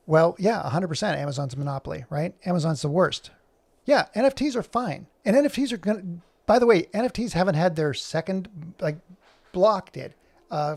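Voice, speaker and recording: A man's voice: on the high side, vocal fry, darkish tone. A man ranting in casual chat while he works on animation, heated and rambling, swearing freely as he talks. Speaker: animator and streamer.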